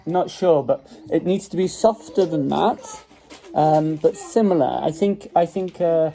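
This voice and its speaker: Recorded on a mobile phone resting on a dining table, this low-quality clip features a man with a Staffordshire Midlands accent patiently teaching English phonics at home as children are present. His slightly high voice is unhurried, creaky and mellow as he draws out and repeats vowel sounds.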